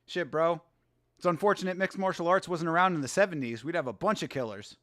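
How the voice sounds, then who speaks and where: A man in his thirties hosting a casual watch-along, excitable, slangy and laughing often. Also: on the high side, fast talker. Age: 30s. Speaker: host.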